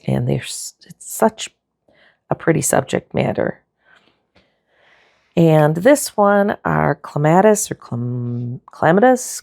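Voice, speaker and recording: Woman, low and raspy-gravelly, easygoing rambling sketchbook tour, dry close sound. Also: no room sound. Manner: relaxed and chatty, with frequent fillers and self-corrections. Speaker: art vlogger.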